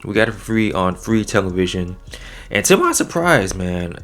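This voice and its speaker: A low-voiced man talks through a wrestling episode in a relaxed, slangy way. He sounds like he is chatting with friends. His pitch jumps up when he gets excited. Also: moderate pace. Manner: laid-back slangy talk, animated swings in pitch. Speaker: wrestling show reviewer. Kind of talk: casual solo review recap.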